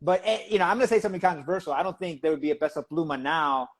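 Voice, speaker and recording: A man hosting a casual interview, affirming his guest in a quick, wry manner. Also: a little high, heavy background noise. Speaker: interviewer, host.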